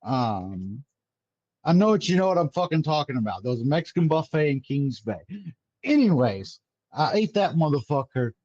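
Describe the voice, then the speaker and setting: A man's voice: a little high, big pitch swings, moderate pace, a little mellow, dry recording, lo-fi sound. A young man, a former Marine, swapping profane, laughing war stories in a casual chat.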